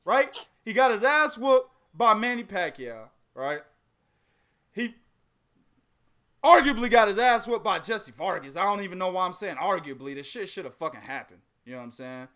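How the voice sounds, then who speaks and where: A man with a high, lively voice hosts a casual podcast chat, swinging his pitch widely as he jokes and laughs through profane trash talk. His tone is bright and sharp. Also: normal speed. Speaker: podcast host.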